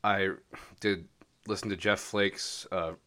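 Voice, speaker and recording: A man with a low, deep voice and a bright, forceful tone talks loosely on a podcast. He rambles, fills gaps with "you know" and laughs easily. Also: steady tone, slow. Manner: rambling, laughs often, many fillers. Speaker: podcast co-host. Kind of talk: casual political chat.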